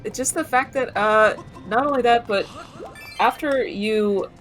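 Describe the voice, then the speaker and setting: A woman's voice: a little high, measured pace, faint music behind. A woman guest chatting casually on a game stream, rambling and swearing freely. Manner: rambling, profane, laughs easily. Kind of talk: casual chat.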